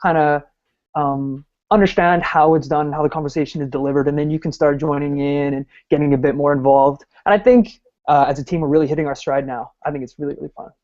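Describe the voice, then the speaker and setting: A man from Ireland, a podcast guest, with a somewhat high voice who rambles along, full of fillers and self-deprecating asides. The audio is dull and lo-fi. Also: steady tone, fast talker, a little mellow. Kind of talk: casual podcast chat.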